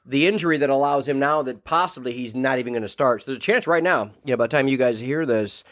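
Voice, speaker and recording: A man co-hosting a relaxed fantasy football podcast, mid-pitched and unpolished. He rambles through his points with plenty of repeated words and false starts. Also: fast. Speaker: podcast co-host. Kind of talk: casual fantasy football chat.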